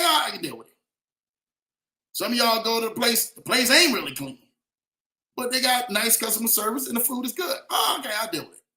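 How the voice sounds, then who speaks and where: A man's voice: sits high, sharp tone, echoey room. A man giving a casual, preachy motivational talk, addressing listeners directly with slang and repeated emphatic phrases. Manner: preachy, repetitive, rising to emphatic peaks. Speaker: motivational speaker.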